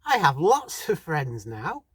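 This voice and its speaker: A man's voice: fairly high pitch, wildly swooping pitch, slow, fairly bright tone, breathy edge, dry recording, exaggerated voice. A man voicing a curious little beaver. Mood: happy. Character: little young male beaver, curious and lonely.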